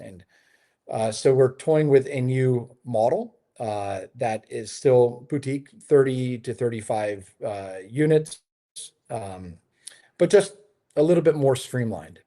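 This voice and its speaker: A man of middle pitch speaking as a guest on an interview call, relaxed and chatty. He rambles through his stories with plenty of ums, you-knows and restarts. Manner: chatty storyteller, many fillers and restarts. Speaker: hotel developer, interview guest. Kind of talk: casual conversational interview. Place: his home in Lisbon.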